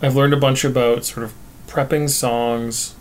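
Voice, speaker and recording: A man's voice: mid-range voice, flat delivery, measured pace, slight background noise. A Canadian man co-hosting a casual chat about recording cover songs, rambling with fillers and restarts. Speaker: podcast co-host.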